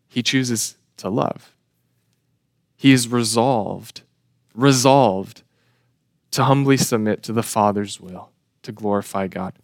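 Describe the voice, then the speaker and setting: Man preaching, earnest and emphatic, mid pitch, dry recording. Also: fairly bright tone, no echo. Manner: earnest, emphatic, with rhetorical questions. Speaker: pastor. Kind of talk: sermon.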